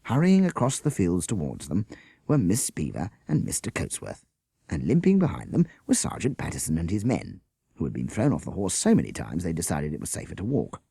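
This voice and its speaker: A male storyteller reading aloud, his low voice husky and gravelly. He swings his pitch widely as he narrates. The recording is dry and close. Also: brisk, no room sound. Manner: lively, expressive reading. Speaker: audiobook reader.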